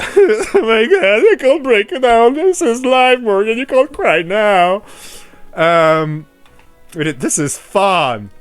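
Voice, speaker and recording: A man streaming a video game, chatting casually and joking with his viewers in an excitable, bantering way. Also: fairly high pitch. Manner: excitable, jokey banter with chat.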